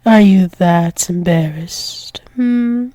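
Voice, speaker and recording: A woman voicing a dominant, possessive female werewolf demon in a whispered role-play, speaking in a soft, teasing, doting way. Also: on the low side, drawn-out words, dry recording.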